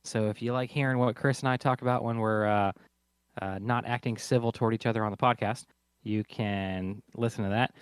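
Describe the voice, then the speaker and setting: Smooth-voiced hesitant podcast co-host man. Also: mid-range voice, fairly quick, no echo, clean studio sound. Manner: hesitant, many uh fillers, relaxed. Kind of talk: casual board game podcast chat.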